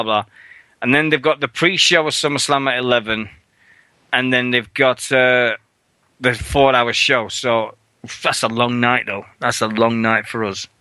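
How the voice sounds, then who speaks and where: A man's voice: mid-range voice, clean tone, no room sound. A man co-hosting a radio show, chatting casually and swearing a lot. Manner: rowdy, animated, acts out loud mocking voices in quotes.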